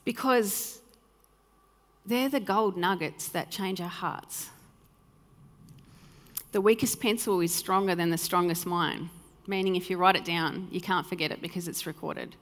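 A woman's voice: on the low side, measured pace. Heartfelt woman preaching in a reverberant hall. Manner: earnest, heartfelt, acts out remembered dialogue. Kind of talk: sermon. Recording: reverberant hall with soft music.

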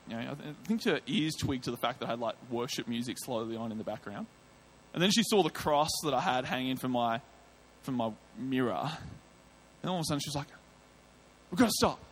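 A man with an Australian accent preaching a sermon, telling a personal testimony in a lively way and acting out his own thoughts and lines. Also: mid-range voice, creaky.

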